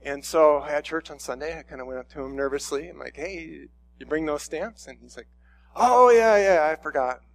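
A man's voice: a little high, fairly even intonation, brisk, creaky. A middle-aged man preaching a sermon in a conversational, storytelling way, often restarting his sentences. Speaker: pastor.

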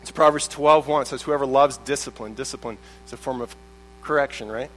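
A man's voice: medium pitch, a little fast, fairly bright tone, soft background music, rough recording. Conversational male pastor preaching. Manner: conversational, with many restarts and acted-out quotes. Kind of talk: sermon.

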